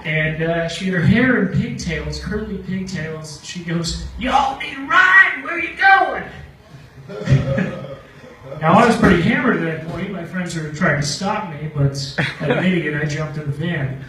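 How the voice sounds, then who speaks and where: A man's voice: fairly high pitch, normal speed, few pauses, fairly bright tone, slight background noise. A man doing stand-up, telling a rambling story and laughing at his own jokes. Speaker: stand-up comedian. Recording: echoey room from far off with faint ambience.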